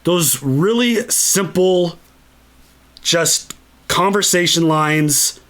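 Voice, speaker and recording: A man's voice: on the high side, expressive, unhurried, pauses often, a bit bright. A man hosting a casual movie commentary, enthusiastic and freely swearing. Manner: enthusiastic and profane. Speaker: channel host.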